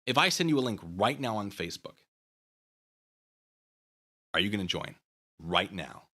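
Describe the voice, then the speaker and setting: A man's voice: lowish voice, big pitch swings, normal speed, pushed and bright. A man hosting his own channel, ranting to the camera and goading a rival in a taunting, sarcastic way. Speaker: channel host.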